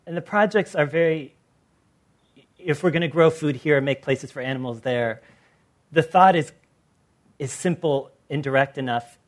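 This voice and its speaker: American man telling lively stories. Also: a little high, normal speed, long pauses. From Los Angeles. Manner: animated storyteller who acts out quoted people. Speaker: artist on a panel. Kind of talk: panel discussion.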